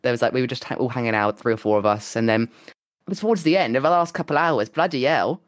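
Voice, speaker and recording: A young man co-hosting a casual chat, animated and swearing, acting out what people said. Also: medium pitch, quick pace, no room sound. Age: young adult. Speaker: podcast co-host and streamer.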